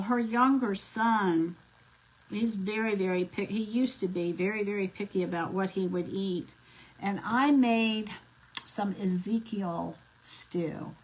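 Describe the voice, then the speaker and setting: Woman, middle-aged, husky, casual rambling craft vlog chat, lots of fillers. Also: mid-range voice, fairly even intonation, a little slow, low-quality recording. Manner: rambling, many fillers and restarts. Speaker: craft vlogger.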